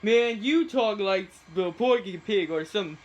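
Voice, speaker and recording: A man's voice: sits high, lively intonation, moderate pace, muffled recording. A man voicing a teasing male character in a homemade cartoon.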